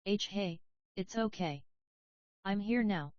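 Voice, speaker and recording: A woman's voice: medium pitch, slow, dry recording, close to an everyday voice. A woman reading a stammering teenage boy. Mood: worried. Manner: stammering, gentle. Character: brave, frightened teenage boy sniper. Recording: dry, slightly dull audio.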